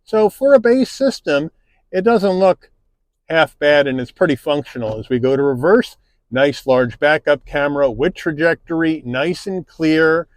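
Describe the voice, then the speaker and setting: A man narrating a car review, calmly listing interior features one by one, recorded inside a car. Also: on the high side, measured pace, no room sound. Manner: relaxed, plain-spoken, listing features one by one.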